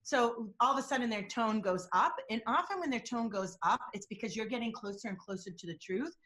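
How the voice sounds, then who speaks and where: Animated woman telling vivid examples. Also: a little high, a little fast. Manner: animated storytelling, acts out quotes. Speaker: body language and deception expert guest. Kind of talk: interview answers with examples.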